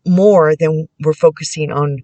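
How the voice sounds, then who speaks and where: A woman speaks softly and haltingly as she leads a casual tarot reading. Her words come slowly, broken by fillers and restarts, and stay gentle and prayerful throughout. The recording is dry and close, with little sound from the room. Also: sits low, fairly even intonation, no room sound. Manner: halting and soft-spoken, many pauses and restarts. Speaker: tarot reader and spiritual channeler. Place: indoors at home.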